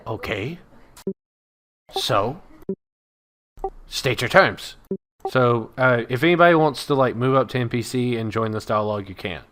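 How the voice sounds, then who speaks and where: Bright-voiced man running a tabletop game. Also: mid-range voice, a little slow, pauses often, slight background noise. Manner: casual, laughing narration with fillers. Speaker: dungeon master.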